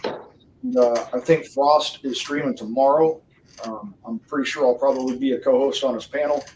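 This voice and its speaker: A livestream host with a steady, mid-range voice chats casually with viewers at normal speed, swearing constantly, laughing often and rambling. The sound is roomy, he's distant from the mic, and there's background noise.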